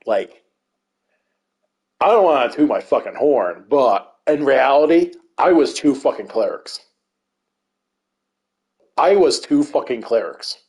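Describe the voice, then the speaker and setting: A man's voice: mid-range voice, a little mellow. A man telling rambling raid stories over gameplay, swearing constantly in casual commentary. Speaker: gamer recounting raid stories.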